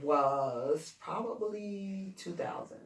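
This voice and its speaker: A woman's voice: lowish voice, lively intonation, slow, very noisy. A woman from Chicago's west side, a rapper in an interview, telling her story bluntly and profanely with lots of energy. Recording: roomy echo, distant mic.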